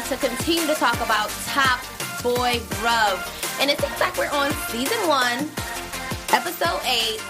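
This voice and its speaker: Lively, chatty woman hosting a recap. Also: a little high. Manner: lively and chatty, laughs often, teasing slang. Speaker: host. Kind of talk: casual TV recap chat.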